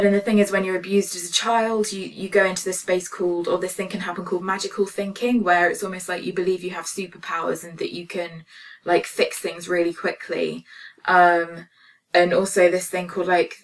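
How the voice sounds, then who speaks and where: A woman's voice: fairly low pitch, fairly bright tone, far from the mic. A woman telling a personal story as a spiritual healing vlogger, earnest and emotional with many fillers. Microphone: phone camera.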